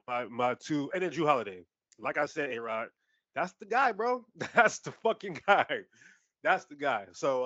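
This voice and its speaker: A man's voice: medium pitch, no echo, muffled recording. A man co-hosting a sports podcast, talking casually with lots of swearing and laughter. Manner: animated, profane, laughs often. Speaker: podcast co-host.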